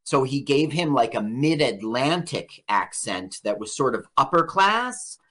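Lively, bright-voiced male radio co-host. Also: mid-range voice, unhurried. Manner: rambling, lively storytelling. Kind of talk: casual chat about movies.

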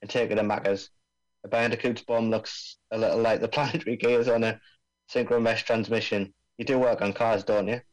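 A man's voice: on the low side, little pitch movement, fairly quick, natural voice, rough recording. A man doing a put-on Australian accent, voicing a brash male bomb-disposal expert full of slang at an amateur table read over a video call. He is breezy and stumbles over the technical jargon.

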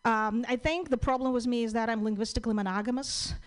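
A woman comedian with a Russian-Ukrainian accent, a native Russian speaker doing a deadpan stand-up set at an open mic, with many pauses and ums. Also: fairly high pitch, low-quality recording.

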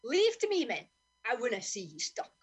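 A woman's voice: a little high, huge pitch swings, normal speed, breathy edge, heavily acted. A woman voicing a cheeky, boastful but kind male seagull, speaking in a broad Doric Scots accent. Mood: chiding.

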